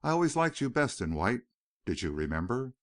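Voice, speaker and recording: A man's voice: medium pitch, big pitch swings, fairly quick, dry recording, clean studio sound, close to an everyday voice. A male narrator voicing an earnest, wistful young veteran turned rancher in an audiobook.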